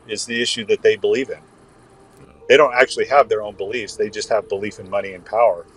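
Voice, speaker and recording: A man's voice: fairly low pitch, slightly rough, low-quality recording. A man from the US West Coast co-hosting a podcast, talking in a heated, ranting way. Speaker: podcast co-host. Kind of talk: casual political chat.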